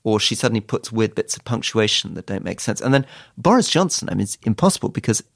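A man's voice: fairly low pitch, big pitch swings, fast, creaky, fairly bright tone, no room sound. A British man, a former politician turned author, giving dry, wry interview answers. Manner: dry, wry storytelling with quoted asides.

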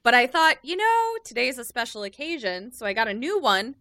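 A woman's voice: a little high, very animated, brisk, bright, forceful tone, dry recording, clean studio sound. A woman co-hosting a comedy podcast, chatting playfully with lots of fillers. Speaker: podcast co-host. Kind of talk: casual chat.

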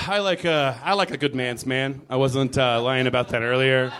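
A man doing a stand-up comedy set, animated and quick to jump into loud put-on voices. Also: medium pitch, very noisy. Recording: live crowd laughing in the room. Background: audience laughter.

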